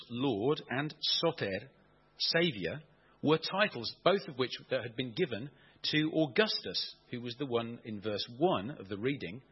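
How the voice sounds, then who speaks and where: A man preaching a sermon, animated and playful, asking the congregation questions as he explains. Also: medium pitch, slightly rough, highs cut off.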